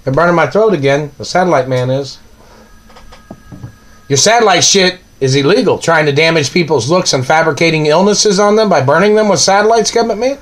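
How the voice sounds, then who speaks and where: A man's voice: fairly high pitch, fairly quick. A man delivering an angry, accusing monologue, ranting and firing off repeated questions.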